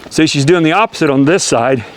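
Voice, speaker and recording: A man's voice: a little high, lively intonation, a little fast, slight background noise. A man working as a horse trainer, explaining step by step as he works a young horse and asking rhetorical questions. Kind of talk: hands-on teaching while working a horse.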